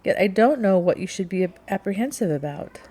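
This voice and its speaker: A woman's voice: mid-range voice, expressive, brisk, mellow, lightly acted. A woman as an analytical, outspoken young woman. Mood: probing. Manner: precise, questioning.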